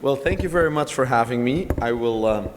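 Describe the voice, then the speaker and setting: A man's voice: mid-range voice, lively intonation, a little fast, heavy background noise. A middle-aged man from Portugal delivers an academic keynote, asking the room rhetorical questions with a wry edge. His voice moves animatedly up and down. It rings with the long reverb of a lecture hall.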